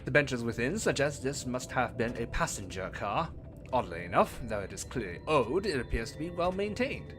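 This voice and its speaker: A man's voice: medium pitch, sing-song, music in the background, natural voice. A man putting on a proper British party member. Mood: curious. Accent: put-on British. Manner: measured, formal reading of game dialogue.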